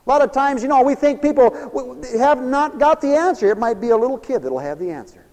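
A man preaching a sermon, swinging from loud high exclamations to low murmurs. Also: animated, brisk, in a large hall, low-quality recording.

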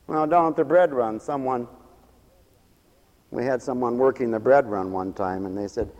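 A man's voice: medium pitch, normal speed, pauses often, darkish tone, long reverb tail. An older man preaching a sermon in a folksy, humorous storytelling way.

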